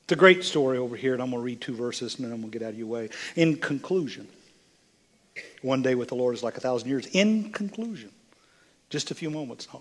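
An older man preaching as a bishop, his voice husky and breathy at a middle pitch. He drops to soft, hushed phrases, then builds into loud, emphatic declarations. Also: expressive, a little fast. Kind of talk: sermon.

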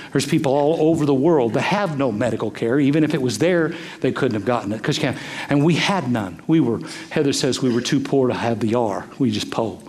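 An older man preaching a sermon as pastor, emphatic, swinging from loud bursts to hushed near-whispers. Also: mid-range voice.

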